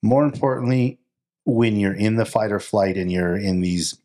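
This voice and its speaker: Deep-voiced male co-host, loose rambling delivery that acts out inner thoughts. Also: normal speed, warm tone. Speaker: podcast co-host. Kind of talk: casual conversation.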